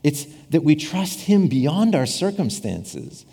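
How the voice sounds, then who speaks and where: A male preacher gives a conversational sermon and keeps circling back over his own phrases. His husky voice swings widely in pitch as he plays out the voices in his story. The sound carries a long reverb, as in a large church hall. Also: sing-song, slow pace, mellow. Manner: conversational, repeats and restarts phrases, acts out quoted voices with humor. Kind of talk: casual sermon.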